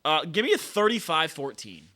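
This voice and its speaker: Brief: male co-host with a bright, lively voice, blunt football banter. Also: fairly high pitch, moderate pace. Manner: animated, blunt, swears freely. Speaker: podcast co-host. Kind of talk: casual sports chat.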